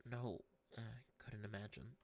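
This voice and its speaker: A woman reading the lines of a gentle young student from a game who comforts a friend in a soft, hushed voice. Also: extremely low pitch, unhurried, dry recording, pitched below the performer's own voice. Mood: soothing.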